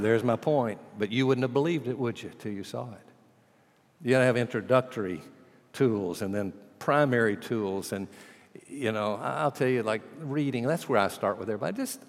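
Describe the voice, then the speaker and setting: A middle-aged man preaching a sermon, telling stories and acting out both sides of a conversation, swinging from loud bursts to near-quiet asides. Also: lowish voice. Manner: storytelling, acting out dialogue with big swings in loudness. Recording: long hall reverb.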